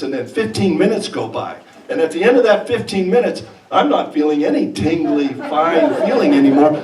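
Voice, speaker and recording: A man telling a comic personal story live on stage, animated and laughing along. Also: a little high. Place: stage in a performance hall. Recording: echoey hall, distant mic, audience. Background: audience laughter.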